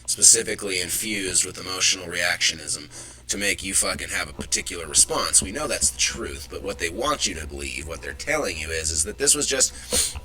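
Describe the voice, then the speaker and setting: A man's voice: low voice, expressive, fairly quick, sharp tone, low-quality recording. A man hosting a live show, ranting with profanity and irritation about the news. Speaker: host. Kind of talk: live political commentary.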